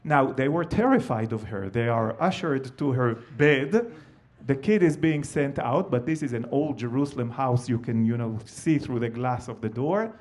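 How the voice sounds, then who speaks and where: A man, a Hebrew speaker, telling a family story with animated delivery and frequent fillers. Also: mid-range voice, moderate pace. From Israel. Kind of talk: live storytelling talk.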